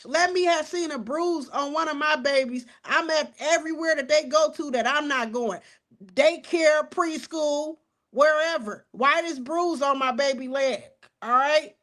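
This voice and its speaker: Woman, 40s, high-pitched, animated, outspoken, casual commentary, cusses. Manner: animated, outspoken, cusses and addresses viewers as y'all. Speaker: true crime commentator.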